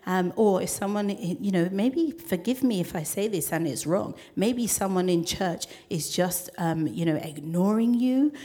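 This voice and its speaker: A woman preaching a sermon to her congregation in a conversational, animated way, often acting out voices as she quotes people. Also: lowish voice, unhurried, few pauses.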